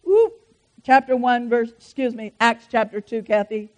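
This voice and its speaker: A woman preacher, delivering a fervent sermon that swings between loud declarations and soft asides. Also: on the high side, lively intonation, normal speed, lo-fi sound. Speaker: pastor.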